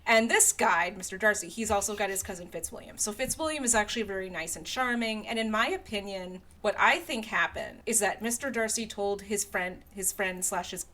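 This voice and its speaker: A young adult woman co-hosting a podcast, chatty and animated, recapping a story with many "like"s. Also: medium pitch, fairly quick, few pauses. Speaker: podcast co-host. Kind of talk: casual chat, story recap.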